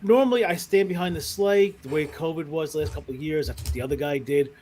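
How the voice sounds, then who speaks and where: Dude with a highish voice telling swear-heavy stories on a podcast, laughing a lot. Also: male voice, fast talker, slight background noise. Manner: animated, profane, laughs through his stories. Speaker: podcast guest who works as a mall Santa. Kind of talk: casual podcast storytelling.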